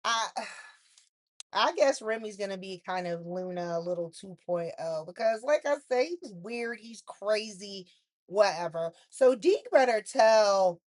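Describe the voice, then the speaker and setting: A woman's voice: mid-range voice, no room sound. A woman hosting a soap opera recap, giving blunt, sassy commentary full of "like" and asides. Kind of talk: casual opinionated recap.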